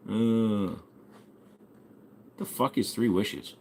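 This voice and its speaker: A young man with a mid-range, sing-song voice speaks unhurriedly, with a little hiss or hum in the audio. Hosting a laid-back stream, he reads out chat comments and replies with crude jokes, swearing a lot.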